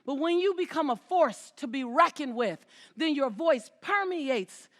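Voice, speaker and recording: A woman motivational speaker with a very high voice, delivering an inspirational talk from the stage. She is emphatic, repeats her words, and calls out directly to the crowd. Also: expressive, a little slow.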